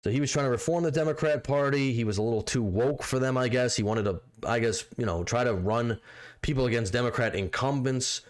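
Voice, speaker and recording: A man's voice: medium pitch, fairly quick. A man from the United States co-hosting a podcast, chatting casually about politics, rambling and hedging as he goes. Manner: rambling, hedging with "you know" and "like". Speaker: podcast co-host.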